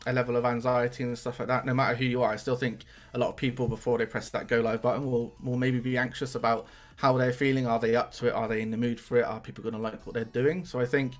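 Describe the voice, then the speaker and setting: Young male guest, laid-back chatty streamer, mid pitch, soft music behind. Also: flat delivery, fast talker, few pauses. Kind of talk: casual podcast chat.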